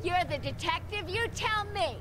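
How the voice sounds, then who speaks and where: A woman's voice: very high-pitched, lively intonation, normal speed, crowd noise. An actress voicing a gleeful, taunting young female villain sidekick in a video game, with a singsong, mocking delivery. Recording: game audio under loud noise.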